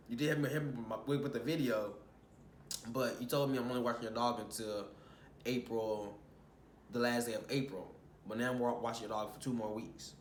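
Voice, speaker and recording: Animated profane young man, echoey room. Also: a little high, a little hiss or hum. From Houston, Texas. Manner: animated, profane, quotes others in his own voice. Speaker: vlogger. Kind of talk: casual storytelling rant. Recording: echoey room with faint ambience.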